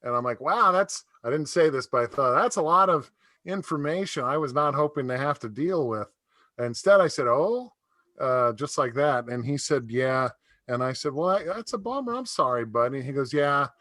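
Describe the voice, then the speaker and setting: A man's voice: mid-range voice, lively intonation, moderate pace, bright, forceful tone, no room sound. A middle-aged man doing a stand-up comedy set over a video call, telling rambling stories and laughing at his own jokes.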